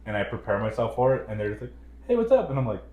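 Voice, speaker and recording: Low-voiced laid-back young man. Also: steady tone, rapid-fire, reverberant, narrow, tinny audio. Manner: laid-back, agreeable, laughs often. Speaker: podcast co-host. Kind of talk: casual chat.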